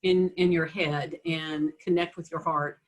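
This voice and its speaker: A woman's voice: low voice, fairly even intonation, a little slow. A woman hosting a casual interview, thinking aloud in a hesitant, reflective way. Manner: thoughtful, hesitant, with "uh" and "you know". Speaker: interview host.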